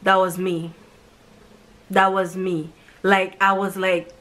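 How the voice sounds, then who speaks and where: A woman's voice: mid-range voice, fairly even intonation, takes it slowly, bright, forceful tone. A woman from Haiti, talking through a movie review in a rambling, emotional way and acting out what the characters said. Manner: rambling, emotional, acts out quoted lines. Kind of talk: casual emotional retelling.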